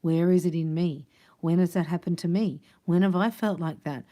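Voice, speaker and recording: A woman's voice: lowish voice, steady tone, normal speed, warm tone. A woman giving a chatty, playful tarot reading, laughing often and sometimes dropping to a near whisper. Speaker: tarot card reader. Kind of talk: casual tarot reading monologue.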